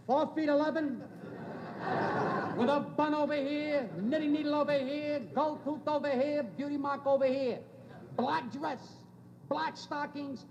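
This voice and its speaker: A male stand-up comedian telling a story with punchy timing and silly sound effects. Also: very high voice. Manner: brisk punchy joke delivery with sound effects. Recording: echoey hall with loud crowd laughter and noise. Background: crowd laughing.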